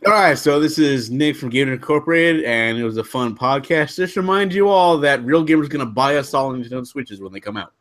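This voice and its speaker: A man chatting casually as a guest on a gaming podcast, blunt and animated. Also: mid-range voice, brisk, hardly any pauses. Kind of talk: casual chat.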